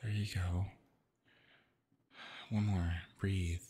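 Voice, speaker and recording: A man in a whispered role-play as a boyfriend, talking softly and reassuringly, sometimes in an unvoiced whisper. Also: low-pitched, level tone, drawn-out words, background noise. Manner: soothing, gentle, reassuring; soft, partly unvoiced whispering.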